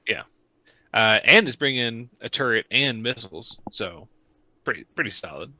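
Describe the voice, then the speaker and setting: A man co-hosting a casual podcast, halting and chuckling as he weighs game pieces. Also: medium pitch, expressive, bright, forceful tone, no room sound, rough recording. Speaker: podcast co-host.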